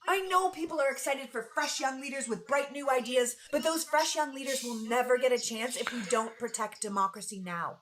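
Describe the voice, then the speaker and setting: A woman's voice: sits high, fairly quick, hardly any pauses, fairly bright tone, slight background noise. Earnest woman with a scripted political monologue. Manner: earnest, rhetorical questions. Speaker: political commentator. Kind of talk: scripted online video monologue.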